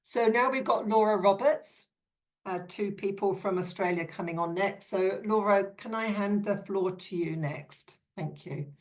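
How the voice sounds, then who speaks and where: A woman's voice: mid-range voice, unhurried. A woman chairing a virtual symposium session over a video call, upbeat and encouraging as she thanks the speaker and introduces the next one.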